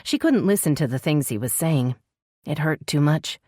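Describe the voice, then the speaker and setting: A woman with a low voice reads a romance audiobook. Her delivery is measured and sensual. The recording is dry and close, with no room sound. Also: lively intonation, dark tone, dry recording. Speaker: audiobook narrator. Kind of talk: scripted romance narration.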